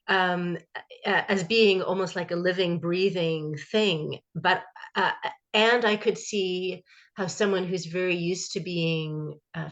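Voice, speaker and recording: A woman's voice: on the low side, a bit bright. A woman co-hosting a casual call, affirming and reflective as she responds. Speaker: co-host.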